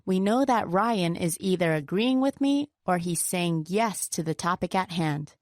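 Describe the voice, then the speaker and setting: A woman co-hosting a scripted pronunciation lesson. Her voice sits lower than most women's, and she explains each point clearly. The recording is dry and close. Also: lively intonation, unhurried, no room sound. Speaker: pronunciation teacher.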